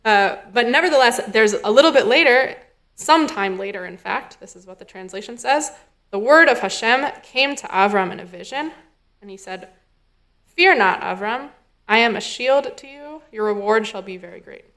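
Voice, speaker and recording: A woman's voice: a little high, animated, normal speed, a bit bright. A woman, a rabbinic intern, giving a sermon in a casual, thinking-aloud way, acting out the dialogue she quotes. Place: synagogue sanctuary.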